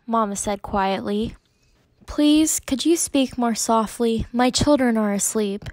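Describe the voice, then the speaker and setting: A woman teacher reads a chapter book aloud in a fairly high voice, shifting it lightly for the characters. The sound is dry and close, with no room echo. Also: unhurried, a little mellow. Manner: gives the characters small voice shifts, mostly in her own voice. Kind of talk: read-aloud storytelling.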